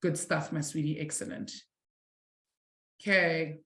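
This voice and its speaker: A woman's voice: low voice, fairly even intonation, a little slow. Encouraging woman maths teacher, roomy sound. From South Africa. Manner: warm, encouraging, calls students "my sweetie". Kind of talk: live online maths lesson.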